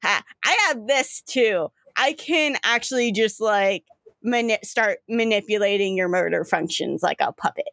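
A woman's voice: medium pitch, normal speed, vocal fry, a bit bright, no room sound. A woman voicing a cocky young woman with a smug, casually profane way of talking.

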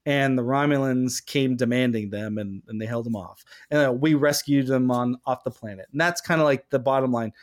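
A man hosting a casual podcast chat, animated and acting out quoted lines in mock voices. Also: mid-range voice, fairly quick, few pauses. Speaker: podcast host.

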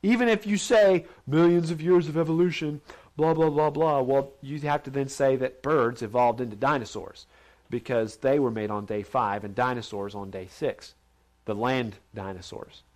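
A man with a mid-range, slightly mellow voice at normal speed gives an informal sermon to a group in a large steel building. Teaching a Bible lesson, he keeps it conversational, asking questions and voicing other characters.

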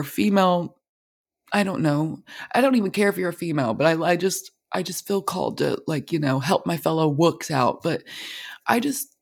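A woman's voice: on the low side, vocal fry. A young woman hosting a podcast, speaking candidly and emotionally in a personal monologue, swearing freely. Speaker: podcast host.

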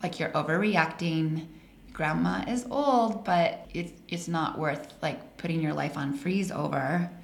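A woman's voice: deep voice, measured pace, creaky. No-nonsense aunt, as a woman quotes her. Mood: dismissive. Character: matter-of-fact aunt brushing off worry. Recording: roomy echo.

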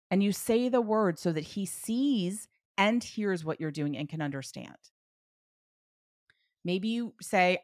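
A woman coaching a parent with advice, acting out example phrases with lively emphasis. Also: on the low side, normal speed, no room sound, studio quality. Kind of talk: advice session.

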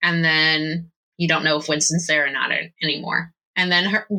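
Game master, woman, bright voice, lively narration with quick character voices. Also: sits low, rough recording.

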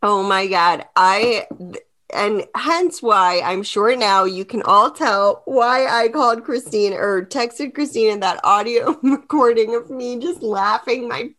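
A woman's voice: a little high, slow pace, a bit bright. Teasing, hearty-laughing woman podcaster. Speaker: podcast co-host. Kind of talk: casual chat.

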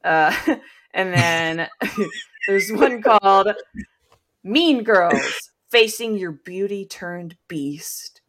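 A woman's voice: mid-range voice, lively intonation, very slow, crowd noise. A woman hosting a podcast, reading aloud from a book with wry asides and frequent laughs. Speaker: podcast host.

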